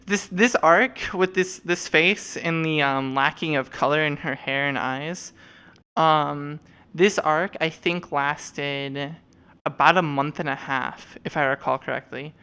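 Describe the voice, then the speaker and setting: A woman's voice: low-pitched, a little slow, pushed and bright, clean tone. A young woman streamer chatting casually and rambling with lots of fillers and swearing while showing off avatars.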